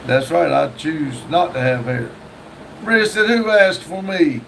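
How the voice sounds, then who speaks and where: High-voiced man reading live chat slowly. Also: lively intonation, creaky, a bit bright. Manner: reads viewer messages aloud and reacts with wry jokes. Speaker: livestream host. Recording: distant mic with faint background noise.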